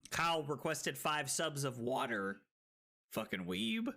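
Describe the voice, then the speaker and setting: A tipsy male streamer commentating a card game, loud and excitable, swearing and bursting into shouts and laughter. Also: on the high side, measured pace, gravelly. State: tipsy from drinking.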